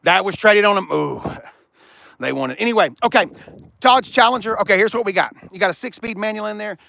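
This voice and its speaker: A man's voice: high voice, a little fast, gravelly, bright, forceful tone. A middle-aged man joking and teasing as he shows cars around a car lot. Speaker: car dealership vlogger. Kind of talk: casual walkaround chat.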